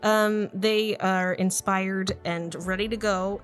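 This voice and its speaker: A woman running a tabletop role-playing game as game master, narrating in a relaxed, chatty way with giggles. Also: medium pitch, takes it slowly, hardly any pauses, soft background music.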